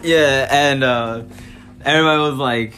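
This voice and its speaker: A man's voice: medium pitch, normal speed, soft background music. Swearing, laughing young man telling a story. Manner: animated, laughing, swears often. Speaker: storyteller on a podcast. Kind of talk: casual profane storytelling among friends.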